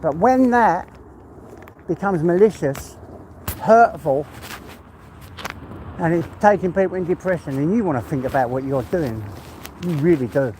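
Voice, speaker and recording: Brief: English man, walk-and-talk vlogger, out of breath, chatty and heartfelt, slightly higher voice, faint outdoor hiss. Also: animated, unhurried, long pauses, a little mellow, poor audio. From England. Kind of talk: casual walk-and-talk monologue.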